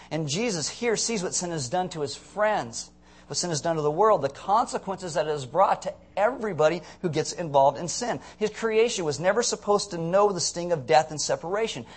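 A man preaching a sermon as a pastor, telling stories with jokes and asides to the congregation in a quick, conversational way. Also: on the high side. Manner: animated storytelling with jokes and audience asides.

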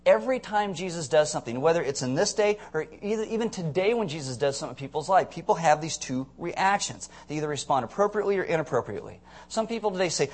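A young man preaching a sermon, animated and joking as he tells the story, with sudden loud shouts. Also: fairly high pitch, fast talker, hardly any pauses. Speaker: pastor.

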